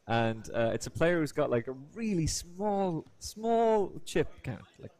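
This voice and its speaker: A man's voice: a little high, sing-song, measured pace, a little mellow. A man commentating live poker, a chatty storyteller who slips into voices.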